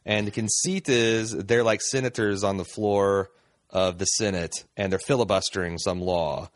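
Male podcast host, low voice, rambling and chuckly, dry close sound. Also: fairly even intonation, normal speed, dry recording. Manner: rambling, chuckling, pompous senator parody. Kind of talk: casual chat.

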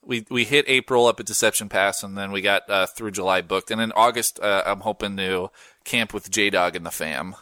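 A man's voice: on the low side, moderate pace, sharp tone, no echo. A young man hosting a podcast in casual, slangy chat, laid-back and wandering off on tangents. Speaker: podcast host.

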